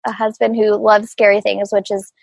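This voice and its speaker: A woman's voice: medium pitch, level tone, moderate pace, vocal fry, no echo, poor audio. A middle-aged woman talking casually as an interview guest, laughing often and full of fillers and restarts. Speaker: guest, group practice owner.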